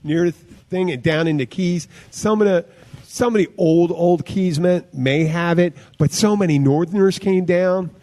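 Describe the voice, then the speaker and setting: A man's voice: sits high, unhurried, dark tone. A man co-hosting a casual podcast chat, rambling and trailing off with fillers. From United States. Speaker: podcast co-host.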